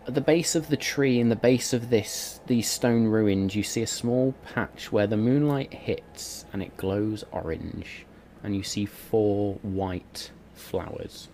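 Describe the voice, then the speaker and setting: Give me a very deep-voiced man narrating a tabletop game slowly. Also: dark tone, a little hiss or hum. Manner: slow, dreamy descriptive narration; swears casually. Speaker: game master.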